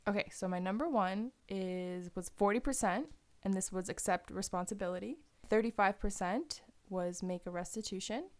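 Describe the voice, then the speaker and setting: A young woman co-hosting a podcast in casual chat, blunt and quick to swear. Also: medium pitch. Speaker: podcast co-host.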